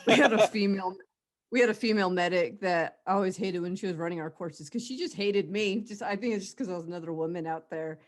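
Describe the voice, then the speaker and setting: A woman's voice: medium pitch, quick pace, few pauses. A woman who is an army veteran, chatting as a podcast guest in a blunt, profane way, laughing often. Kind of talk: casual chat.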